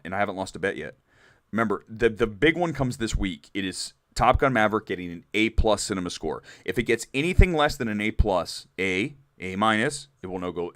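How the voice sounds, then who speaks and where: A man hosting a live movie talk show, chatting candidly to viewers with animated, rambling asides. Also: on the low side, dry recording, studio quality. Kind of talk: live-stream chat reading viewer comments.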